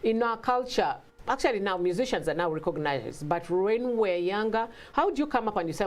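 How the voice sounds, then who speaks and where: A woman guest in a casual talk, telling stories with lively acted-out quotes and frequent laughter. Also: mid-range voice, a little fast, hardly any pauses. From Africa. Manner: animated storytelling, acts out quotes, laughs often. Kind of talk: casual conversation.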